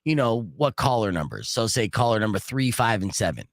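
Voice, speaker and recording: A man hosting a radio morning show, telling stories casually in a joking, animated way and running a call-in game. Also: lowish voice, brisk, no room sound, clean studio sound. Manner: animated, joking, acts out quoted voices. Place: radio studio. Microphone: studio microphone.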